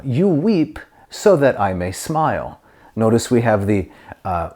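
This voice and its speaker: A middle-aged man teaching Latin grammar, explaining step by step and reading Latin phrases slowly and clearly. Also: mid-range voice, a little mellow. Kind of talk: grammar lesson to camera.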